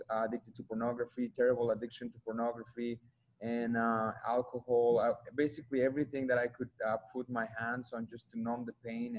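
A man with a Mexican Spanish accent gives a personal testimony as a guest speaker, his mid-range voice flat and the recording rough. He's earnest but halting, repeating himself as he searches for words.

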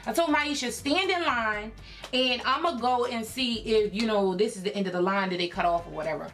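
A young woman from Philadelphia telling a personal story in a casual vlog, chatty and animated, full of fillers and acted-out quotes. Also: medium pitch, quick pace, soft background music. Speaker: YouTube creator.

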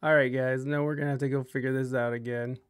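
A man's voice: medium pitch, flat delivery, quick pace, clear, resonant tone, no echo, studio quality. A man hosting a podcast, chatting casually, joking and getting flustered while fixing a technical problem. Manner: joking, flustered, self-deprecating. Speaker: podcast host. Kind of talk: casual chat.

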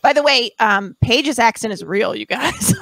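A woman's voice: a little high, expressive, a little slow, a bit bright. A woman in her thirties chatting and joking as a guest on an online show, rambling with restarts. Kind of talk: casual chat.

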